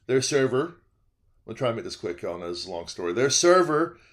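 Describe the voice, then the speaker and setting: A young man, telling a comedic story about his work as a restaurant server. He talks in an animated way, cuts himself off, and repeats phrases for laughs. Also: mid-range voice, fairly quick. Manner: animated, self-interrupting, repeats phrases for comic effect.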